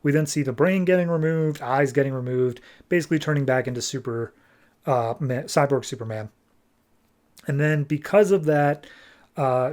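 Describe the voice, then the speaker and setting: A man's voice: medium pitch, darkish tone. A man hosting a podcast, recapping a comic book story in a casual, jokey way with plenty of fillers. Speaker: podcast host.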